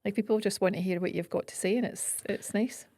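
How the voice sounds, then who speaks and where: A woman's voice: mid-range voice, brisk, dark tone, no room sound, clean studio sound. A middle-aged Scottish woman co-hosting a podcast, speaking in enthusiastic, reflective casual chat. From Scotland. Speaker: podcast co-host.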